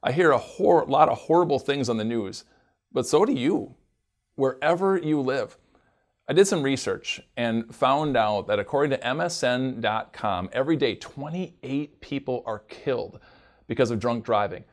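A man speaks earnestly and with emphasis, stacking up statistics before he introduces a sermon. His voice sits at an ordinary middle pitch. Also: expressive, moderate pace. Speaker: program host.

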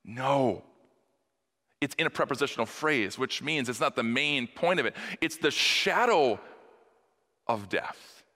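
A man, a pastor, preaching an earnest funeral-themed sermon that swings between soft, slow passages and emphatic rises. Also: mid-range voice. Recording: long hall reverb.

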